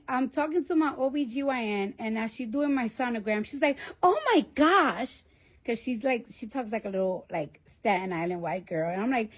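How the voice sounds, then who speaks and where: A woman, telling a personal story on a livestream, animated and profane, acting out quoted dialogue. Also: fairly high pitch.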